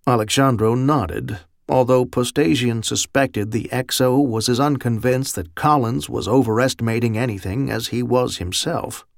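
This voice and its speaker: Gravelly man narrating an audiobook. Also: mid-range voice, normal speed, hardly any pauses, dry recording, clean studio sound.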